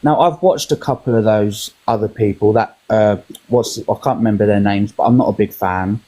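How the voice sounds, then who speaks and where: A British man calmly giving advice in a casual live-stream chat. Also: lowish voice, normal speed, rough recording.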